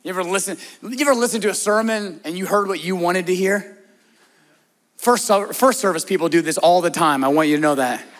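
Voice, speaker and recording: A male pastor delivering a conversational sermon, often asking the congregation direct questions and moving between emphatic lines and soft, hushed prayer. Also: high voice, fairly quick.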